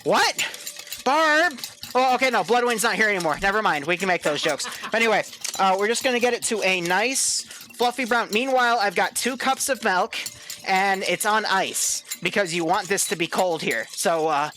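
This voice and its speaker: A man's voice: high voice, moderate pace, sharp tone, a little hiss or hum. A man hosting a live stream, playfully talking through a recipe like a mock cooking show and swearing often. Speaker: stream commentator. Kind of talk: joking live-stream banter.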